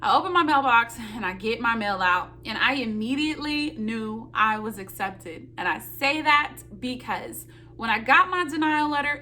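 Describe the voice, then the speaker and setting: A young woman telling a story on her vlog, animated and dramatic, talking straight to her viewers and acting out her own loud high-pitched reactions. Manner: talks straight to viewers, calling them y'all. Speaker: nursing student vlogger.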